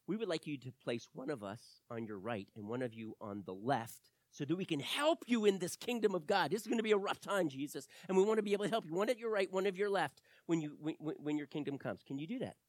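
A man's voice: a little high, lively intonation, no room sound, pitched above the performer's own voice, close to an everyday voice. A man doing pushy pleading brothers. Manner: pleading, rushed, eager. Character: two pushy brother disciples asking a favor.

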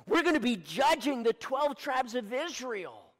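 Animated male preacher, dramatic sermon delivery, lively pitch, long church-hall reverb. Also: normal speed, hardly any pauses. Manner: animated, rhetorical questions, acting out scenes.

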